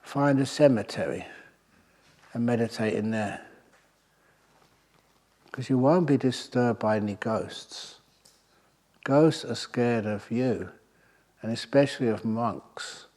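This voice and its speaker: Male monk, mid-pitched, dry humor, rambling anecdotal delivery to a retreat audience. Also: a little mellow. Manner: wry, anecdotal, pauses with fillers. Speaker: Buddhist monk teaching a meditation retreat. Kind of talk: humorous storytelling dharma talk.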